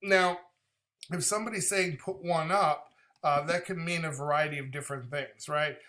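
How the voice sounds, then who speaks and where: Speaking at an ordinary pace in a fairly high voice, a man in his 30s runs a music reaction channel. His casual vlog chatter is animated and talkative, punctuated by impressions.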